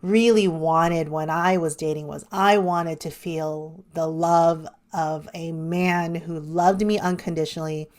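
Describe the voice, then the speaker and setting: A middle-aged woman, a life coach and podcast guest, telling personal stories earnestly and laughing often. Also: sits low. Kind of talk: podcast interview.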